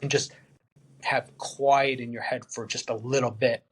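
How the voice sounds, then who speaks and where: A veteran on a podcast, this man has a mid-range, fairly bright voice with a steady tone and a breathy edge, and he never hurries. He's earnest and plain-spoken in the candid interview conversation, giving voice to his friends' words as he narrates.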